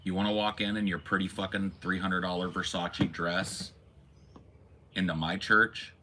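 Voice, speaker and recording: A man's voice: low-pitched, level tone, normal speed, pushed and bright, a little hiss or hum. A man hosting a podcast, delivering an impassioned, preachy rant full of profanity. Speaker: podcast host. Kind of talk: impassioned monologue.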